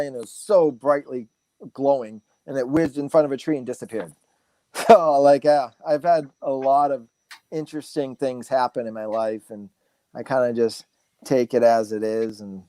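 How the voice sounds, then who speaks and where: A man's voice: medium pitch, dry recording. Rambling man sharing stories, dry sound. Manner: relaxed, rambling with many fillers and restarts. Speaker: guest speaker, massage therapist. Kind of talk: casual storytelling interview.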